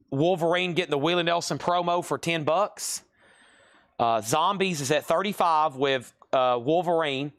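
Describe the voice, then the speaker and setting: A man hosting a live record sale, briskly calling out records, prices and bids. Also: a little high, a bit bright. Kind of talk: live auction selling.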